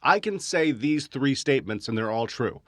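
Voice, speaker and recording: A man's voice: medium pitch, expressive, normal speed, a bit bright, no echo, clean studio sound. A man, a stand-up comedian, chatting casually on a podcast and joking as he acts out other people's voices. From United States.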